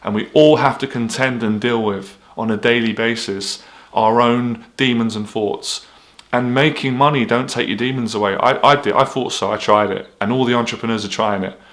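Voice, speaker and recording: A man's voice: mid-range voice, fairly even intonation, moderate pace, a bit bright. A man, an anxiety coach talking straight to camera in a blunt, candid way, swearing freely. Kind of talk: motivational vlog monologue.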